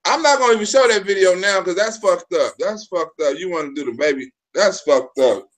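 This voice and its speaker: A man hosting a casual livestream chat, loose and slangy, swearing freely and bursting into shouts. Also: high-pitched, brisk. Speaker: livestream host.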